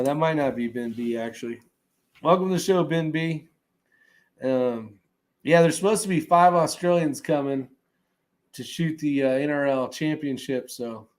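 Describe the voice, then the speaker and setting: A man hosting a casual livestream, reading chat comments aloud in a relaxed, rambling way that often trails off. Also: medium pitch.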